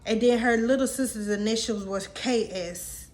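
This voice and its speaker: Sex: female. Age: late 20s. Role: vlogger telling a story. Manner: candid, slangy, talks straight to the viewers. Pitch: a bit high. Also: normal speed, a little mellow. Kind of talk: casual storytime.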